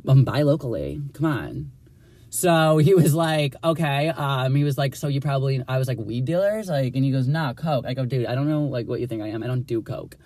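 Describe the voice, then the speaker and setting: With an animated, brisk, medium-pitched voice that's a little mellow, a young man dramatically recounts something that happened to him. The telling is casual, sassy and profane, crammed with "like" fillers, and the recording is dry.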